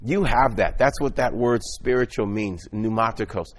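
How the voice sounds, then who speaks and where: A man's voice: lowish voice, normal speed. A man delivering an earnest, exhorting motivational sermon, often repeating and restarting his words as he speaks.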